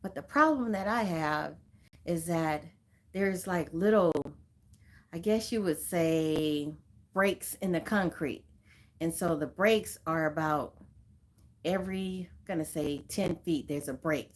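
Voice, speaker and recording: A woman's voice: on the low side, slow pace. A woman from Southern California hosting a casual livestream, chatting and greeting viewers by name with frequent laughs. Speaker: livestream host.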